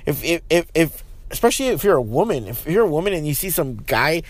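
A man hosting his own podcast, ranting heatedly with lots of swearing and restarts, then settling into a calmer, lower tone. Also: fast talker, no room sound. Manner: profane, rambling, frequent restarts. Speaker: podcast host. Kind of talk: casual solo podcast rant.

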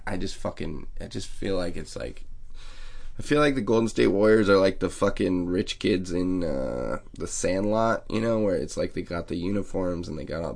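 A man's voice: sits low, creaky. A man telling a rambling, profane, self-mocking story as a podcast host. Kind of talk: casual storytelling monologue.

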